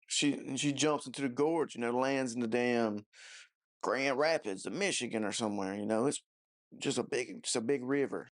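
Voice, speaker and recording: A man giving a casual, rambling movie review, mocking and profane, with lots of "you know" and "I don't know" fillers. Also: mid-range voice.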